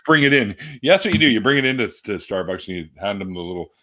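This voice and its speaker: Husky low-voiced man telling jokes. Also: expressive, fast, sharp tone. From Canada. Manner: joking, profane storyteller who acts out voices. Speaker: host. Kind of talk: casual chat.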